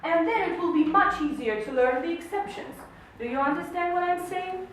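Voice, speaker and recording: An English teacher with an extremely high-pitched voice speaks at a moderate pace, patient and supportive, leaning heavily on questions to explain. The camera mic sits across an echoey classroom, picking her up from far off with a little hiss or hum.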